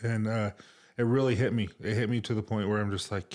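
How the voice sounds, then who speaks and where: A man's voice: fairly low pitch, steady tone, darkish tone. A middle-aged man co-hosting a podcast, talking casually and emotionally with lots of fillers and restarts. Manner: halting, emotional, many fillers. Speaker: podcast co-host. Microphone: remote recording setup.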